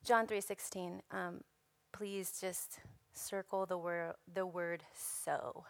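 A hoarse woman preaching a sermon to a women's gathering, earnest and emphatic, repeating phrases for weight. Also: lowish voice, fairly even intonation, slow pace, no echo. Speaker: women's ministry speaker.

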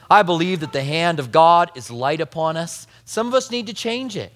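High-voiced pastor in a reverberant hall. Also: male voice, normal speed, hardly any pauses. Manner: conversational storytelling, animated. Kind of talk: sermon.

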